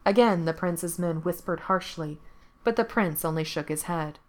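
A woman storyteller reading a fairy tale aloud in a calm, measured way. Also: lowish voice. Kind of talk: storybook narration.

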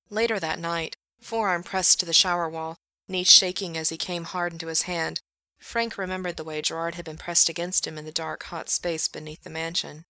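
A woman narrating a fiction audiobook in a steady, matter-of-fact reading. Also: sits low, no echo. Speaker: reader.

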